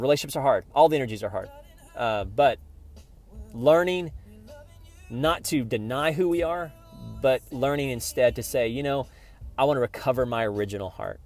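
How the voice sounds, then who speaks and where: Earnest low-voiced man, emphatic advice. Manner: earnest, emphatic, swears casually; animated bursts of emphasis between softer reflective passages. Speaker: podcast host giving relationship advice. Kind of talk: casual heartfelt monologue.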